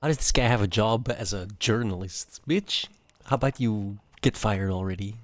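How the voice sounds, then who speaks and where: A man's voice: fairly low pitch, normal speed, dry recording. A man giving blunt, dismissive and insulting commentary on a livestream.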